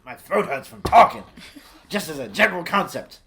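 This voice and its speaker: A man doing a comic impression of a brash, boastful aging male movie star, with gravelly, shouty bravado. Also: sits high, expressive, normal speed, background noise. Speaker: podcast co-host. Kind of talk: comedic improvised impression.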